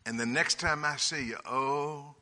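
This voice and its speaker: A man preaching a sermon, telling folksy, humorous stories in a lively way. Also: a little high, measured pace. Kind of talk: sermon with storytelling. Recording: reverberant hall.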